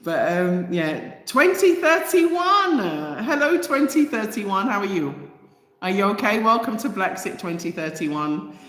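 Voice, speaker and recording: Her medium-pitched voice is expressive and fairly bright, and she speaks a little slowly. Hosting an emotional livestream, she reads viewer comments and talks passionately and directly to her audience, with roomy echo and long reverb.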